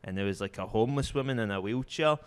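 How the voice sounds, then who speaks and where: A man's voice: lowish voice, quick pace, clean tone. Laid-back Glaswegian man telling stories. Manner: laid-back, sweary, laughs through his punchlines. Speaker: comedian guest. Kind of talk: casual podcast storytelling.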